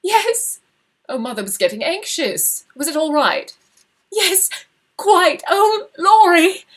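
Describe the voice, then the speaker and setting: A woman voicing a tearful young upper-class girl who speaks in a high, choked, sobbing voice. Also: very animated, moderate pace, slightly rough, full character voice.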